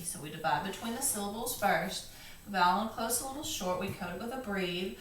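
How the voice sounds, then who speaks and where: A woman's voice: medium pitch, a little fast, a bit bright. Patient woman tutor sounding out syllables. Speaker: reading tutor. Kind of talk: step-by-step phonics lesson. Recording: echoey room, distant mic, faint hiss.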